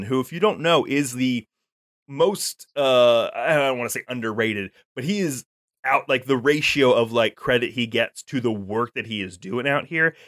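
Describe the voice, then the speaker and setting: A man's voice: mid-range voice, a bit bright, no room sound. Dry-sounding man rambling about a show. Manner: rambling, enthusiastic, many fillers and restarts. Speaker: podcast co-host. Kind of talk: casual chat reviewing a show.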